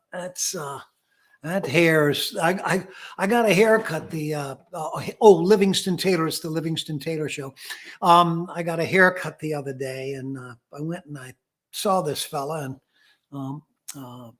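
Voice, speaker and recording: A man's voice: on the high side, a little slow, fairly bright tone. An older man hosting his own show, chatting casually to the camera in a rambling, self-deprecating way with many fillers. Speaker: host. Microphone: camera mic.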